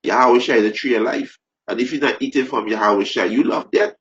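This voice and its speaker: A man preaching fervently, repeating phrases, restarting sentences and rising into loud emphasis. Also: on the low side, moderate pace, slight background noise. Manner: repetitive, stumbling restarts, rising to shouted emphasis. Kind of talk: impassioned preaching. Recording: dull lo-fi recording.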